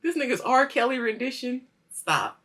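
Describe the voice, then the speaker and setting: A woman hosting a weekly show, casually reviewing a TV episode, animated and swearing freely as she acts out the scenes. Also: a little high, normal speed. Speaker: host of a weekly culture show.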